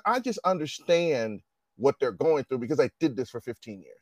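A man's voice: mid-range voice, expressive, brisk, a little mellow, no room sound. A man in his forties in casual chat, telling stories with lots of swearing and acting out quoted dialogue.

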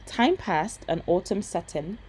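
A woman tells a bedtime fairy tale in a gentle, steady read. Her voice sits low and dark with a husky grain. The pacing is calm and unhurried. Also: rough recording. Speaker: storyteller. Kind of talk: bedtime story reading.

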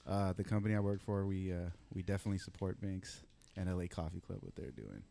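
A man hosting a casual podcast while gaming, excitable and loose. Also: deep voice, quick pace, gravelly, slight background noise.

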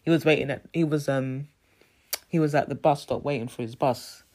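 Husky chatty woman. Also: extremely low pitch, moderate pace, a little mellow. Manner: chatty, rambling, laughs often, says "you know what I mean". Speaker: vlogger. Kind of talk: casual storytelling vlog.

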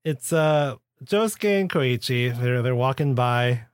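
A playful man co-hosting a casual podcast, quick to laugh and toss in jokes. His voice sits at an ordinary pitch and comes through a dry, close mic with almost no room sound. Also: animated, smooth, dry recording. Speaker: podcast co-host.

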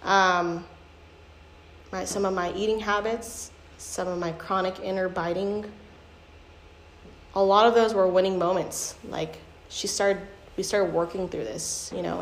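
A young adult woman giving a candid, conversational personal testimony, often using fillers as she talks. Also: mid-range voice. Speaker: speaker sharing a testimony. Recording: echoey room with faint ambient noise.

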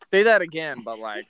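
A man's voice: fairly high pitch, sharp tone, clear, resonant tone. A man hosting a casual podcast from his truck, joking and laughing often. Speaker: podcast host. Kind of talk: casual chat.

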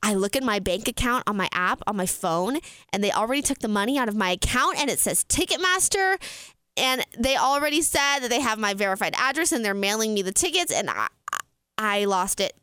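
A young woman telling a story casually, animated and laughing often, with a lot of "like" in her talk. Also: on the high side, a little fast, clear, resonant tone, dry recording. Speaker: podcast host.

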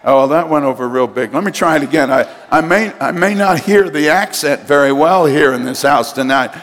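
Older male pastor, emphatic sermon delivery, slightly high voice, reverberant church. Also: brisk, a bit bright. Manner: emphatic, calls on the congregation. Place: church sanctuary. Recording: long hall reverb.

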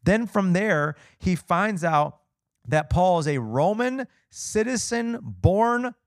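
A male pastor giving a conversational sermon, peppering the congregation with rhetorical questions and expressive asides. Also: sits high, takes it slowly, no room sound, clean studio sound. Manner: casual and expressive.

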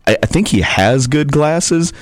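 A man's voice: fairly high pitch, lively intonation, measured pace, no echo, clean studio sound. A man telling rambling, profane stories as a wrestler guest on a podcast. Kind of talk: casual podcast storytelling.

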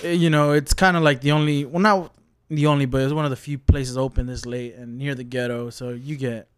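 A man in his late twenties, a podcast host telling stories in casual chat, animated and swearing freely. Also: mid-range voice, a little fast, clear, resonant tone. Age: late 20s.

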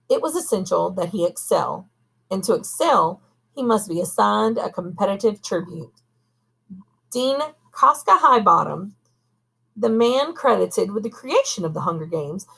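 A woman reading a novel aloud at a steady pace, now and then pausing to correct herself. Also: medium pitch, vocal fry, breathy edge. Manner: steady reading with occasional coughs and self-corrections. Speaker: audiobook reader. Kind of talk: amateur audiobook reading.

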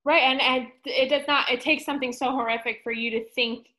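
A woman co-hosting a podcast in casual chat, blunt and quick to laugh. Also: high-pitched, fairly even intonation, bright, forceful tone. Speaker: podcast co-host.

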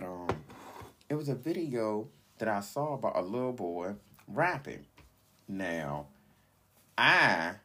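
Husky guy doing a solo podcast rant, blunt and fired up, rambles, says like a lot. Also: on the low side, sharp tone. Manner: opinionated, rambling, heavy use of "like"; blunt and indignant. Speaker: podcast host.

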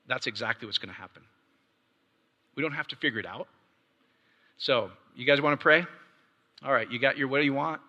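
A man preaching earnestly and leading a guided prayer, calling his listeners "guys" and easing into soft, coaxing tones. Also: medium pitch. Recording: long hall reverb.

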